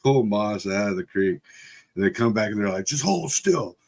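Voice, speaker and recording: Middle-aged male host, slightly low voice, rambling casual storyteller. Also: steady tone, fairly quick, a little mellow. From Texas. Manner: laid-back, rambling, laughs often, lots of fillers. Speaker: livestream host.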